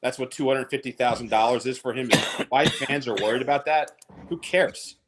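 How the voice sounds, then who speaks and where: A man's voice: mid-range voice, a little hiss or hum. A man calling in to a sports radio show, chummy and talkative, who keeps saying "man.". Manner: fast-talking, chummy, says "man" a lot. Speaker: caller. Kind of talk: call-in sports talk.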